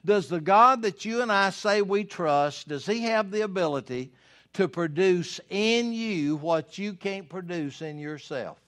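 A man's voice: sits high, lively intonation, a little slow, fairly bright tone. Earnest preacher man. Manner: earnest, rising to fervent pleading in prayers. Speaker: pastor. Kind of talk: sermon.

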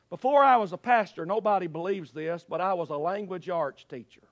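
A man, a pastor, preaching a sermon at a church service. His delivery is dramatic, swinging from loud cries to hushed, low phrases. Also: brisk, hardly any pauses, dry recording, muffled recording.

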